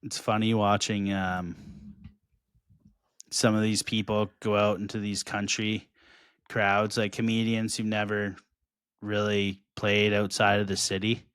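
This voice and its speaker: A man's voice: on the low side, completely flat delivery, measured pace, a bit bright, smooth, no echo, studio quality. A man co-hosting a comedy podcast, telling rambling, profane stories in casual chat and laughing often.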